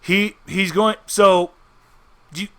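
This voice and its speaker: Bright-voiced man running a tabletop game. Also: sits high, fairly even intonation, slow pace, smooth. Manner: easygoing, with restarts. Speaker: game master.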